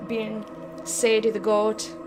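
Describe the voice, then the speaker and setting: A young woman streams a game with a desk mic and headphones while music plays behind her, chatting casually with viewers, joking with chat and swearing often. Her medium-pitched voice is completely flat and slow. It's casual gameplay commentary.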